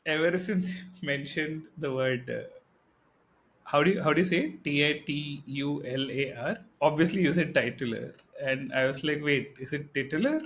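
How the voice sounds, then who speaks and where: A man's voice: fairly high pitch, moderate pace, a bit bright, slight background noise. A man with an Indian English accent, co-hosting a casual podcast and jumping from tangent to tangent with chuckles. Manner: rambling, tangent-jumping, chuckles through his stories. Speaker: podcast co-host.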